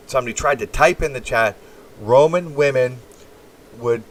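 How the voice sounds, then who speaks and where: Far from the mic, a man from Canada with a medium-pitched voice runs a casual livestream chat, reacting to messages with blunt, crude rambling.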